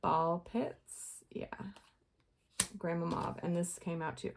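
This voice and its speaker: A woman's voice: on the low side, flat delivery, takes it slowly, gravelly, long pauses, noisy background. A young woman giving a casual tarot reading to her viewers, chatty and rambling, full of fillers and little laughs. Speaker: tarot reader.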